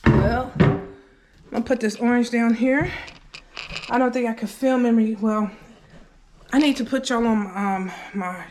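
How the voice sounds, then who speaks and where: Cooking in her home kitchen, a woman films herself on a handheld phone and chats with viewers in a casual storytelling vlog. Her voice sits on the high side with a slight hiss or hum, and she's animated and addresses the audience directly.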